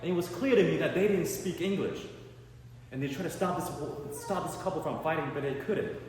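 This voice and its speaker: A man performing a stand-up comedy set, telling stories in an animated way and acting out the people in them. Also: on the high side, fairly quick. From Canada. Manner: animated storytelling with acted quotes. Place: art gallery event space with a live audience. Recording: echoey hall with long reverb and clear background noise.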